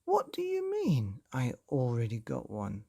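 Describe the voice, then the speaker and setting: Exasperated spluttering dad, higher than the narrator, gravelly, dark tone, as a storyteller puts him on. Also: male voice, huge pitch swings, unhurried, exaggerated voice. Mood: incredulous. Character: flustered put-upon father, middle-aged man.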